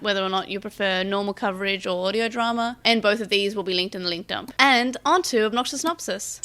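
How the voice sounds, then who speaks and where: A woman's voice: on the high side, fairly bright tone. Woman, podcast co-host, casual and chatty, trips over her words a little. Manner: chatty, restarts sentences often.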